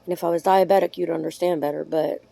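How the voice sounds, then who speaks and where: A woman's voice: lowish voice, fairly even intonation, quick pace, creaky, dark tone. A woman vlogging casually to camera, chatty and rambling, affectionate and frank, with casual swearing.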